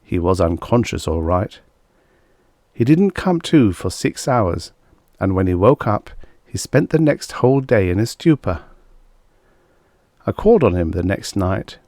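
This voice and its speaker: Low-voiced man reading vintage sci-fi. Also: a little slow, pauses often, dry recording, studio quality. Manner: steady first-person storytelling. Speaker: audiobook reader. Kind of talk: vintage science fiction audiobook narration.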